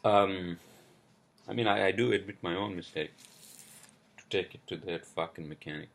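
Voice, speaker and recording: The host's low voice has a vocal fry as he tears into an angry, profane solo rant on his New York podcast. He stumbles along, filling gaps with ums and repeatedly apologizing.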